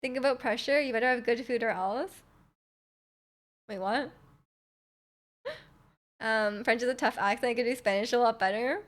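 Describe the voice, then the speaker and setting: A young woman with a high, light voice chats casually on a livestream. She rambles in a friendly way, answers viewers' questions and often restarts her sentences. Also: moderate pace, pauses often. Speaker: livestreamer reading chat.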